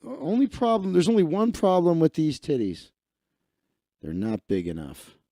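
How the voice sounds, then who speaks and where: A man's voice: fairly high pitch, huge pitch swings, normal speed, creaky, dark tone, no echo, clean studio sound. A man hosting a live stream, rambling and ranting to himself while he browses, swearing freely. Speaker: livestream host.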